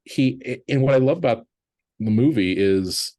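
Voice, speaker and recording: A man's voice: mid-range voice, expressive, unhurried, mellow. A man who is a guest film critic, talking through a movie in thoughtful conversational analysis, restarting sentences often. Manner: thoughtful, many restarts, quotes characters in a lighter voice.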